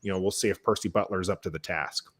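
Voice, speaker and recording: A man talking as a panelist in a casual sports roundtable, loose and joking, with halting restarts. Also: low voice, steady tone, husky.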